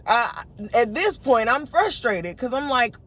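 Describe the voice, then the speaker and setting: A woman vlogger in her late twenties speaks straight to camera in an unedited, casual monologue, frustratedly retelling an argument with lots of fillers and restarts. Her voice is a little high, a bit bright and husky, sing-song and a little slow.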